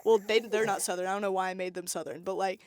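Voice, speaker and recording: A young woman co-hosting a casual podcast, lively and quick to laugh as she tells stories. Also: mid-range voice, no room sound. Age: young adult. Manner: lively, laughs often, storytelling. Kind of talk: casual chat.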